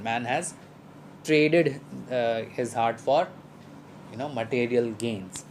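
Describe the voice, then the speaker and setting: A man's voice: mid-range voice, slow pace, a little hiss or hum, low-quality recording. A man teaching a lesson, explaining a poem at length with many fillers and restarts. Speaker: literature teacher.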